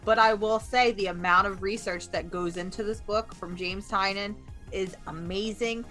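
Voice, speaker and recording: A woman's voice: mid-range voice, steady tone, moderate pace, fairly bright tone, soft background music. A woman guest in a casual comic book chat, enthusiastic and chatty.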